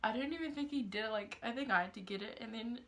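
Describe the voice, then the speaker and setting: A woman's voice: fairly high pitch, quick pace. A teenage girl from New Zealand with a Kiwi accent, telling a storytime vlog in a chatty way and filling it with "like". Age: teens. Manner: chatty, says "like" constantly, acts out quotes. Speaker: vlogger. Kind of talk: casual storytime.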